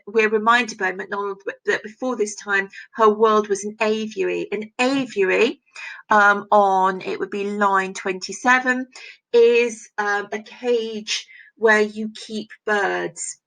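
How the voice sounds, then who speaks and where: A woman teaching a recorded remote lesson, her voice slightly gravelly. She walks through a text line by line, stopping to ask "isn't it?" as she explains. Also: mid-range voice, bright, forceful tone, low-quality recording. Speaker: English teacher. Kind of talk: recorded distance-learning lesson.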